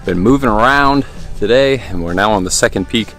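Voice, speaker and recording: A man with a fairly low voice vlogs outdoors on a mountain trail, talking to a handheld camera in a loose, upbeat way. He fills his sentences with ums and likes, and faint music sits under the recording. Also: a little fast, fairly bright tone. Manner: easygoing, upbeat, many fillers. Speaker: hiking vlogger. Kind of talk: casual outdoor vlog narration.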